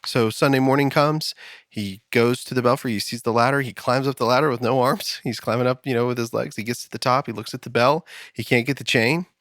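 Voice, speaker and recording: A man hosting a podcast in casual chat, rambling and quick as he tells jokes. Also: mid-range voice, steady tone, a bit bright, no echo, studio quality. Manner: rambling, quick joke-telling. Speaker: podcast host. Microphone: studio mic.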